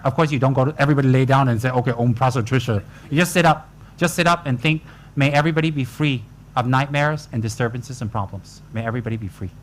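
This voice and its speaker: A man's voice: mid-range voice, slight background noise. A man giving a joking, colloquial dharma talk to retreat students. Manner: joking, teasing, colloquial asides. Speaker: Buddhist teacher.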